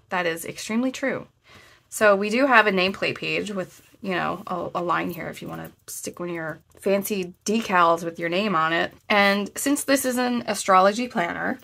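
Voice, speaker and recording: A woman with a blocked, stuffy nose talks in a chatty, easygoing way and often restarts her phrases. Her voice has a gravelly rasp. She reads passages aloud in the same relaxed tone. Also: medium pitch. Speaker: planner review vlogger. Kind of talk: casual review with read-aloud passages.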